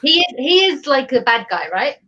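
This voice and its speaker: A woman's voice: high voice, very animated, normal speed, pushed and bright, muffled recording, slight background noise. A woman playing a tabletop game over a video call, amused and thinking aloud as she plays. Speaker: player.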